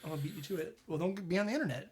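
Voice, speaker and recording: Brief: male podcast co-host, somewhat high-pitched, relaxed and rambling. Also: rapid-fire, a little hiss or hum. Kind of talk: casual chat.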